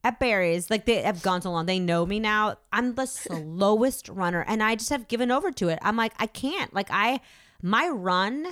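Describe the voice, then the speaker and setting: Woman, thirties, talky actor guest, filler-heavy casual chat, mid pitch. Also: normal speed, fairly bright tone, dry recording, studio quality. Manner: chatty, self-deprecating, many "like" fillers.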